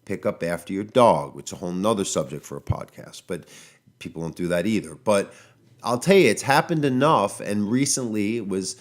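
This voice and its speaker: A man's voice: lowish voice, lively intonation, a little fast. A man hosting a podcast as a dog trainer, talking casually and getting exasperated, with many fillers and restarts. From United States. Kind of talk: casual solo podcast monologue. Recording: audio-only podcast.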